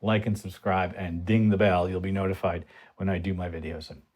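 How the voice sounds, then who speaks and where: A man's voice: sits low, flat delivery, a little fast, a little mellow. A man explaining music theory at the piano in a conversational way, often asking rhetorical questions. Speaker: music teacher. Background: piano playing.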